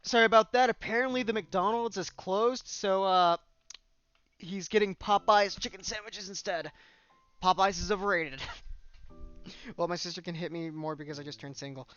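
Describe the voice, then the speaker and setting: Give me an expressive, excitable streamer man with a dull, muffled sound and faint music. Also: high-pitched, moderate pace, smooth, dry recording. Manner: excitable and expressive, laughs often. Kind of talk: livestream game commentary and reading aloud.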